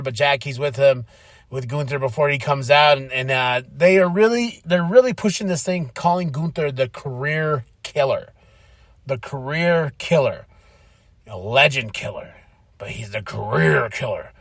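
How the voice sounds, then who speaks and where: Man, excitable, acts out quotes, slightly high voice, dry sound. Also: dry recording. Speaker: podcast host. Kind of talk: casual recap of a wrestling show.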